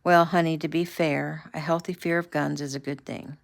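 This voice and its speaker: A woman voicing a protective middle-aged father who speaks in a warm, teasing, fatherly way, in a read-aloud novel. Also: low voice, little pitch movement, moderate pace, gravelly.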